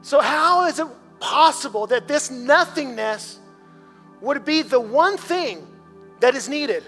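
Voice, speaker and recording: A male pastor delivers a sermon in a church sanctuary. His voice sits very high, and the sound carries a long reverberant tail. He talks in a conversational way, doubling back on words and then rising to emphatic peaks. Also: expressive, slow pace, pushed and bright, faint music behind.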